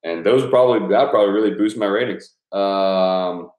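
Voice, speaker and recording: A man with a lowish voice chats casually with his supporters. He rambles, swears freely and laughs a lot. The room around him rings with a noticeable echo. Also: normal speed, darkish tone. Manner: loose, profane and rambling, laughing often. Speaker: YouTube creator thanking patrons. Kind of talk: casual live chat with supporters.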